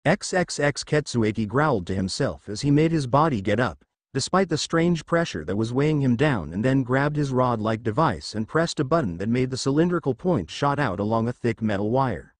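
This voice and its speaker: A man narrating a fan fiction story in an expressive storytelling voice. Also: mid-range voice, normal speed, few pauses, no room sound.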